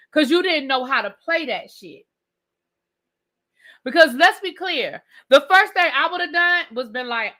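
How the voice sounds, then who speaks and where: A woman's voice: sits high, expressive, moderate pace, pushed and bright. A woman hosting a live rant-and-review of a reality show, talking emphatically, repeating her points and swearing freely.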